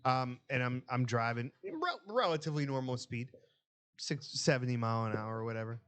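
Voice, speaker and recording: A man swaps stories on a casual podcast. He is profane and animated and jumps into other people's voices as he tells it. His voice sits in an ordinary middle range. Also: mid-range voice, a little fast. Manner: profane, animated storyteller acting out quotes. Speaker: podcast co-host. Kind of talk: casual storytelling chat.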